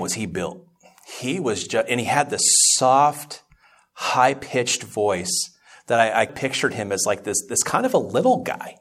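A man's voice: on the low side, a bit bright. Man preaching, building to fervor. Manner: conversational storytelling that grows impassioned, with frequent restarts. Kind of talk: sermon-style Bible teaching.

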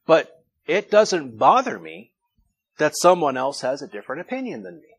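A man with a husky, breathy voice delivers a relaxed, conversational sermon. He teaches like a pastor walking his congregation through a passage and lifts his voice when he wants to stress a point. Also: on the high side, normal speed. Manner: conversational, reflective teaching with emphatic rises.

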